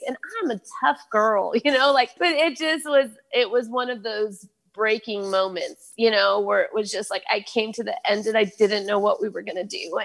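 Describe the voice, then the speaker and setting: A woman's voice: on the high side, vocal fry, fairly bright tone. A woman earnestly telling her personal faith story, laughing here and there and using fillers like "you know, like". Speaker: guest telling her testimony.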